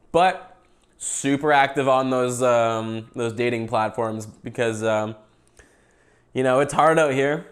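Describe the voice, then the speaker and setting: A young Canadian man hosting a casual podcast livestream, rambling and joking while he eats. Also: medium pitch. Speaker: podcast host.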